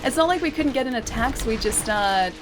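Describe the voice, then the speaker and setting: A woman with an Australian accent chats loosely with viewers as she plays, laughing often and reacting aloud to each turn of a boss fight. Her voice sits a little high. Game music runs clearly beneath her talk. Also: lively intonation, brisk. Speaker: game streamer. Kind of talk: casual live-stream chat while gaming.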